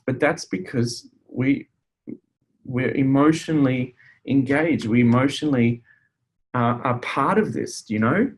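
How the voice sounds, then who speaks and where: A man's voice: medium pitch, unhurried. A man presenting a webinar in a conversational way, a counselor who talks with fillers and restarts. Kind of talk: casual webinar teaching.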